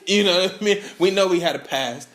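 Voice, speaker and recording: A man's voice: sits high, a little fast, a bit bright. A young man hosting a podcast, chatting casually in a laid-back, slangy way and laughing often. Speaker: podcast host. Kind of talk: casual chat.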